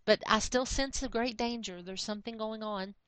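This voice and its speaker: A woman voicing a boastful male thunder god warrior, paraphrased in a relaxed everyday voice while retelling a comic. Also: on the high side, moderate pace, clear, resonant tone, dry recording, close to an everyday voice. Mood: confident. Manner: casual paraphrase in a plain voice.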